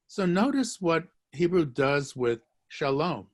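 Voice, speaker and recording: A man's voice: a little high, lively intonation, normal speed, hardly any pauses. A man teaching a live online language lesson, joking, encouraging and repeating phrases for his students. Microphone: video call.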